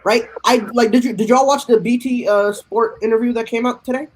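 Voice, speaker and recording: A man's voice: very high-pitched, steady tone, fairly quick, slight background noise, poor audio. Fired-up man reacting to a match. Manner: passionate, emphatic, repeats himself. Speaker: fan panelist. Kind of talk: excited live match reaction.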